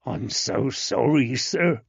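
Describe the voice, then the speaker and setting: A male narrator voicing an injured, shaken constable who mutters quietly and apologetically in an audiobook. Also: medium pitch, slow, gravelly, slightly rough, no echo, dull audio, full character voice. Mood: apologetic.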